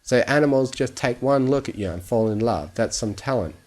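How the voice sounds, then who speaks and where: A man voicing a kindly old male pony gardener who speaks calmly and gently, in a storybook reading. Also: medium pitch, fairly quick, voice pushed up, lightly acted. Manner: calm, gentle, conversational.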